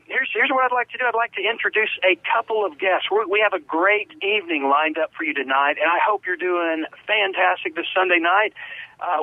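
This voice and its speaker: A man's voice: high voice, dry recording. A man hosting a casual radio talk show, chatty and rambling, repeating his words while still getting over a sinus infection. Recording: phone-quality radio audio.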